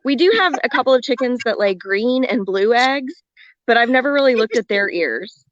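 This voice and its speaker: A woman's voice: on the high side, expressive, normal speed, no room sound, highs cut off. A woman guest talking casually from outdoors near chickens over a video call, giving plain, brief answers. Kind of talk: casual chat.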